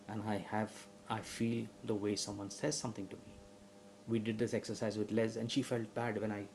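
Male preacher, warm timbre, emphatic sermon delivery that builds in volume. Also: fairly low pitch, gravelly, slight background noise, poor audio. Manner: rising to loud emphatic preaching; asks the audience questions.

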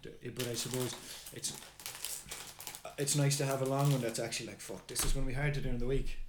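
A man's voice: medium pitch, fairly even intonation, fast talker. A man co-hosting a podcast in casual chat, laid-back, swearing often and restarting his sentences. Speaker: podcast co-host. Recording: roomy with faint background noise.

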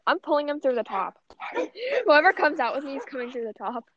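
With a high, somewhat bright voice, a young podcast co-host speaks a little fast amid slight background noise. Her casual, rambling chat is full of swearing and constant "like"s, captured on dull, lo-fi audio.

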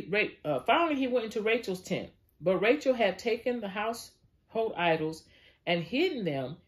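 Bible teacher with a lively, chatty delivery. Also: medium pitch. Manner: conversational asides, frequent fillers. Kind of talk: reading scripture with commentary.

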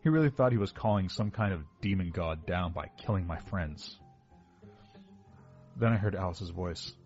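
A man's voice: deep voice, animated, normal speed, a little mellow, muffled recording, faint music behind. A man narrating a first-person horror story in a wry, casual, self-mocking way.

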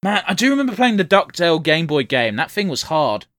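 A man's voice: a little high, big pitch swings, a little fast, a bit bright, no room sound, clean studio sound. A man chatting casually and swearing freely, joking and laughing while reacting to a cartoon with a friend. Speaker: co-host watching a cartoon.

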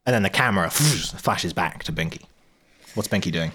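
A man runs a tabletop game and narrates in a loose, halting way with plenty of fillers. His voice sits very low. He describes each scene for the players. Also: animated, pushed and bright, a little hiss or hum. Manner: casual, halting, with many fillers. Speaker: game master.

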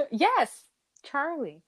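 A woman co-hosting a podcast in a casual chat with a friend, playful and quick to laugh. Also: high voice, very animated. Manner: giggly, playful, laughs often. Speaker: podcast co-host.

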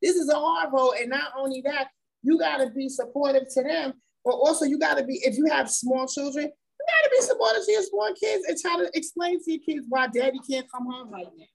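A woman's voice: high-pitched, lively intonation, a little fast, vocal fry, rough recording. A woman speaking candidly and emphatically as the wife of an incarcerated man, repeating words and laughing as she talks. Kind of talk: candid conversational testimony.

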